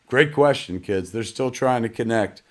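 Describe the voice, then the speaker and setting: Man, live-stream host, casual chat, rambling, self-mocking jokes, mid-pitched voice. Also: moderate pace. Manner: rambling, joking, self-mocking, salty language. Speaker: host of a live digital premiere.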